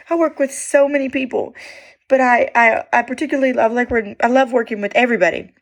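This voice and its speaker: A woman's voice: a little high, steady tone, fast talker, no echo, clean studio sound. Chatty woman telling stories. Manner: chatty, warm storyteller with many fillers and restarts. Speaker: vlogger sharing daily stories. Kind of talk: casual chat to camera.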